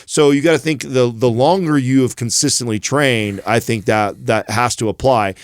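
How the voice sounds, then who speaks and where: A man's voice: mid-range voice, moderate pace, no echo. A man co-hosting a fitness podcast, talking in a loose, rambling conversational way. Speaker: podcast co-host. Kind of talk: casual chat. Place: podcast studio.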